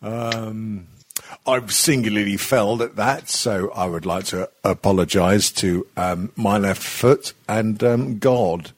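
A man's voice: fairly low pitch, takes it slowly, breathy edge. A man hosting a podcast, rambling and swearing freely with self-mocking humour. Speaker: podcast host. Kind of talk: casual podcast chat.

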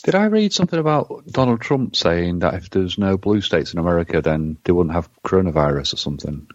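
Very deep-voiced man, dry teasing. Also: animated, brisk, dry recording. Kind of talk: casual chat. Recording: dull lo-fi recording.

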